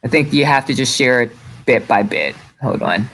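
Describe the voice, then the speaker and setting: Halting man hosting a video call. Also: mid-range voice, expressive, fairly bright tone, poor audio. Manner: halting and distracted, full of restarts and "hold on". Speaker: show host sharing his screen. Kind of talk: casual live video chat.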